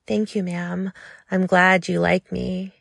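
Give us a jittery, eager young man, as a woman storyteller puts him on, talking in hurried, breathy, deferential bursts. The voice sits a little higher and brighter than her narration yet keeps a low, gravelly grain. It is recorded close and dry, with no room sound. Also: level tone, dry recording, exaggerated voice. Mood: eager, nervous. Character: nervous eager young man, polite and jumpy.

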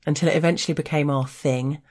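A woman's voice: low-pitched, fairly even intonation, fast, darkish tone. An Englishwoman reading her own frank personal essay aloud in a wry, candid, playful way.

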